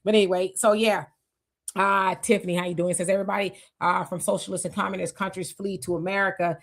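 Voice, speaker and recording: A woman's voice: mid-range voice, flat delivery, fast, gravelly. A woman in her fifties hosting a live stream, chatting casually and reading viewer comments aloud. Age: 50s. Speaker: host.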